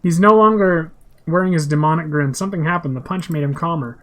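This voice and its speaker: A man reads out the narration of a role-playing game for blind listeners. His delivery is plain and steady. The voice sits a little high and sounds bright and forceful. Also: fast talker. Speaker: gamer describing a game for blind players. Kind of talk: reading game text aloud.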